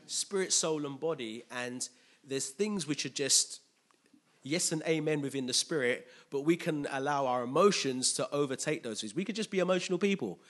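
A man preaching a sermon with animated, emphatic delivery and call-and-response. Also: a little high, normal speed.

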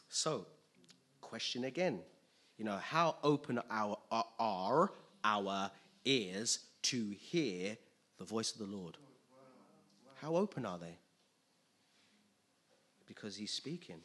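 Animated husky male preacher. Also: slow, long pauses. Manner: animated, acts out scenes with sudden loud high outbursts. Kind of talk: sermon.

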